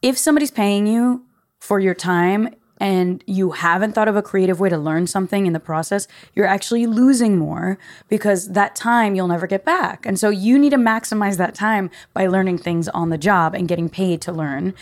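A woman's voice: mid-range voice, normal speed. Chatty young woman giving life advice. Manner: chatty, slangy, emphatic with casual swearing. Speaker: podcast host. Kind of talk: casual monologue, life advice.

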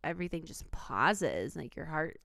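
A young woman co-hosting a casual chat podcast, relaxed and chatty, reacting with gasps and laughs. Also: low-pitched, normal speed, vocal fry, dry recording, studio quality.

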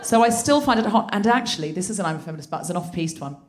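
A woman's voice: on the low side, animated, rapid-fire. A woman hosting a live comedy podcast on a theatre stage, telling stories in a playful, giggly way. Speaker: podcast host. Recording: live theatre recording with crowd noise.

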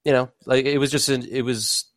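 A man's voice: mid-range voice, steady tone, a little fast, dry recording, studio quality. A man guesting on a podcast who talks in a laid-back way and swears casually.

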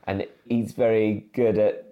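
Thirties male comic guest, very low voice, lively self-deprecating anecdotes. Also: unhurried, muffled recording. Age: 30s. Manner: animated, self-deprecating storyteller with many restarts. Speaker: comedian guest. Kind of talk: casual interview chat.

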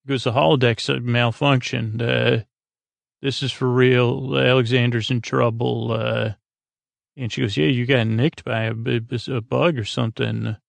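A man's voice: mid-range voice, flat delivery, a little slow, creaky, no echo. A man hosting a podcast, casually retelling a TV episode scene by scene in a rambling way with lots of filler words. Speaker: podcast host.

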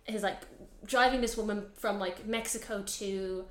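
A young adult woman co-hosting a podcast, casually recapping a TV series in an animated way, full of fillers and swearing. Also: medium pitch, moderate pace, reverberant. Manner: animated, heavy filler use, swears freely. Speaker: podcast co-host.

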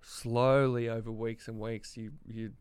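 Australian man, 30s, podcast guest, smooth voice, candid and halting, dry close mic. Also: mid-range voice, level tone, darkish tone, no room sound. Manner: reflective, halting, many restarts. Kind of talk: candid conversational interview.

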